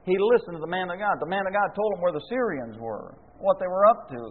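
Folksy male preacher, husky, rhetorical questions; echoey hall recording. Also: sits high, animated, fast. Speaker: pastor. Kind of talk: sermon. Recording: echoey hall, phone-like lo-fi sound.

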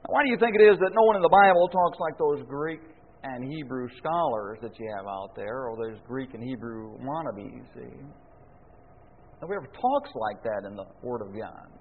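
A man's voice: mid-range voice, lively intonation, normal speed, a little hiss or hum. A man preaching a sermon, folksy and full of rhetorical questions, chuckling now and then. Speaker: pastor. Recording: echoey hall, phone-like lo-fi sound.

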